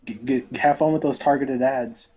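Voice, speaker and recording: Very deep-voiced woman, teasing. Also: steady tone, normal speed, mellow, slightly rough. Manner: teasing, nerdy banter. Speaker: player in a tabletop game podcast. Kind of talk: casual banter among friends.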